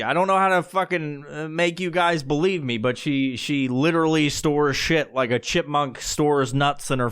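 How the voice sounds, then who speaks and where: A man's voice: fairly high pitch, fairly bright tone. Profane, rambling man telling a story. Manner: profane, rambling, laughs often. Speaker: podcast host. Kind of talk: casual storytelling.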